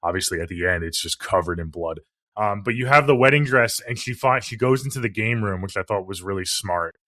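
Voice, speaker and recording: A man co-hosts a podcast, walking through a film's scenes in a relaxed, swearing way and acting out its lines. His voice sits a little low but has a bright, forceful edge. The sound is dry and close. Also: a little fast, dry recording. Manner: relaxed, profane, acts out quotes. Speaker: podcast co-host. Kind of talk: casual film review chat.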